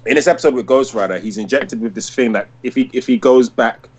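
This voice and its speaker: A man's voice: medium pitch, quick pace, breathy edge. A man in his thirties, chatting casually as a podcast co-host and telling long, rambling stories full of "like". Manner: rambling storyteller, heavy use of "like". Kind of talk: casual chat.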